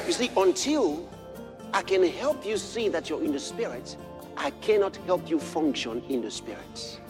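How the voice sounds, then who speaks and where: High-voiced guy preaching, swings from soft storytelling to shouting. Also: sing-song, moderate pace, over music. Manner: builds from quiet storytelling to shouted exclamations. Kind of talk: sermon.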